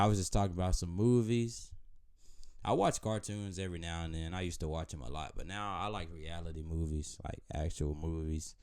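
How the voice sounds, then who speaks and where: Low-voiced man rambling casually. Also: darkish tone, clean tone. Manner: meandering, loose and conversational, with many restarts. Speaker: vlogger.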